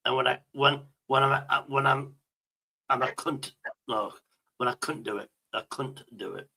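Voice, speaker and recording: A man's voice: mid-range voice, moderate pace, vocal fry, sharp tone, husky, low-quality recording. A man from Britain hosting a stream, telling rambling stories in crude casual banter and swearing constantly. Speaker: stream host.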